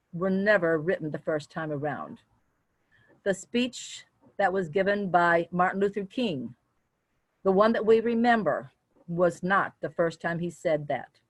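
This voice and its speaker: Lecturing as a guest on the craft of public speaking, an older woman consciously changes her pitch and volume along the way. The recording is dry.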